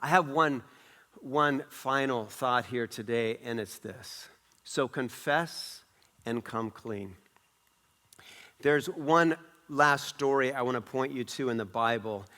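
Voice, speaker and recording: A male pastor preaching a sermon in a church, with strong swings in pitch and volume and phrases repeated for emphasis. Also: slow, bright, forceful tone.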